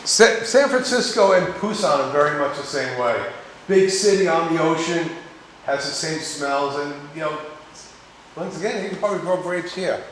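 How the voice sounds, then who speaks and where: A man's voice: on the high side, animated, moderate pace, fairly bright tone. Rambling man lecturing a class. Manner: rambling, repeats words, asks students questions. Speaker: cooking instructor. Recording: echoey room, distant mic, faint noise.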